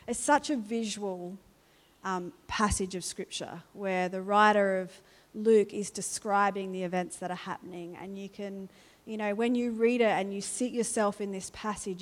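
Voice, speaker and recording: A woman giving a chatty, earnest reflection on scripture with many fillers. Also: mid-range voice. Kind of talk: informal devotional talk. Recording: long hall reverb.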